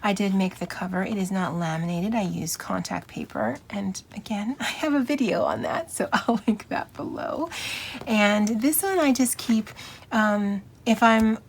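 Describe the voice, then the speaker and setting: A woman casually chatting about her planner notebooks at her home desk, with frequent fillers and soft laughs. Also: mid-range voice, expressive, unhurried, gravelly, a little hiss or hum. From Hawaii. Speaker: planner vlogger. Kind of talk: casual show-and-tell.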